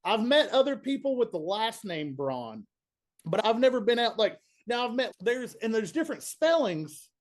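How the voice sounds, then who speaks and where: Chatty Southern man, higher voice. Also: big pitch swings, moderate pace. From Kentucky. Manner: laid-back, chatty storyteller, says "man" and "dude" a lot. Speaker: band bassist, guest. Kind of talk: casual interview chat.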